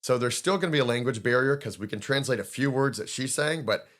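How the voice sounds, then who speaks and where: A man hosting a podcast, casually recapping a manga chapter, excitable and quick to laugh, acting out the characters' lines in playful voices. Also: mid-range voice. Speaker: podcast host.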